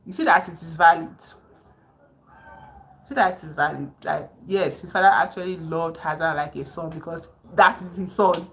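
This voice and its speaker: A woman hosting a casual livestream, excitedly retelling a novel's plot with emphatic outbursts. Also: lowish voice, normal speed, rough recording. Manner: excited, emphatic storytelling with sudden exclamations. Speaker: livestream host. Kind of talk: casual livestream chat about a book. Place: home.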